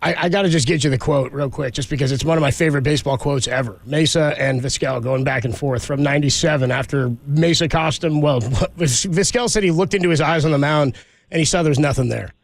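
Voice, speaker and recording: A man's voice: a little high, fast talker, creaky, no echo. A man co-hosting a sports radio show, reading a player's quotes aloud in casual chat, chuckling along. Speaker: radio co-host.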